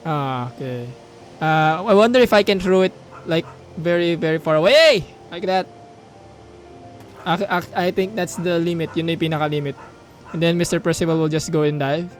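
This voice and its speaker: A young man with a Filipino accent playing a mobile game, reading its story text aloud and cheering. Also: on the high side. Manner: excitable, reads on-screen story text aloud, mixes in Tagalog asides. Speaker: gaming YouTuber.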